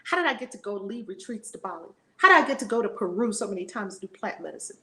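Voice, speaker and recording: A woman's voice: medium pitch, animated, quick pace, bright, forceful tone. A woman in her forties teaching a spiritual lesson in a fiery, preacher-like way, acting out voices. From United States.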